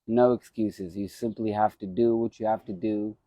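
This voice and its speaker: A man's voice: lowish voice, fairly even intonation, moderate pace, no echo, lo-fi sound. A former boxer talking casually on a live stream, rambling and repeating his phrases as he reminisces.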